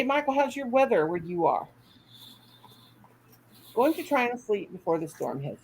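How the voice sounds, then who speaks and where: A woman's voice: mid-range voice, big pitch swings, normal speed, pauses often, husky, low-quality recording. An older woman hosting a casual livestream at home, chatty and folksy, reading comments aloud and laughing often. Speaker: livestream host.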